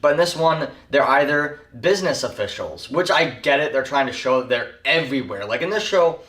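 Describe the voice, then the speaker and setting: A man's voice: medium pitch, animated, moderate pace, a bit bright. A man giving a rambling, casual spoken TV show review, full of fillers. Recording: echoey room, mic far off.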